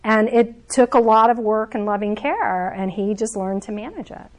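A middle-aged woman coach giving a lively, conversational teaching talk to a group, often laughing as she explains. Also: medium pitch, normal speed. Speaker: emotional coach.

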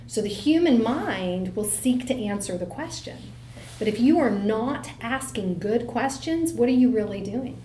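A middle-aged woman giving a motivational talk to a live audience, telling stories with lively acted-out quotes. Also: on the high side, measured pace, echoey room, slight background noise. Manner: animated storyteller, acts out voices in quotes. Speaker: speaker.

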